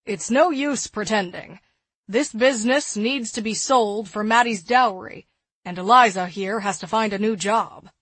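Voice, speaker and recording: A woman voicing a blunt, practical young man in an audiobook, speaking loudly and forcefully. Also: mid-range voice, measured pace, breathy edge, no room sound. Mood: insistent. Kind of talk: audiobook character reading.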